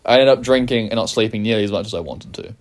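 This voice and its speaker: A man's voice: on the low side, very fast. A young man, co-hosting a podcast and telling stories in a loose, profane, rambling way. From New Zealand. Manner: profane, rambling, laughs through his stories. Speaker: podcast co-host. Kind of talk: casual storytelling chat.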